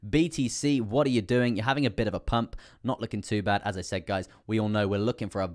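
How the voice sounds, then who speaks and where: A young British man with a lowish voice hosts a live crypto stream. He talks through charts in a loose, rambling flow, leaning on fillers and repeated phrases, and his voice sounds a little strained from talking loudly. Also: fast talker. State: slightly strained voice. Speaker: crypto livestream host. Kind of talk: live trading chart analysis.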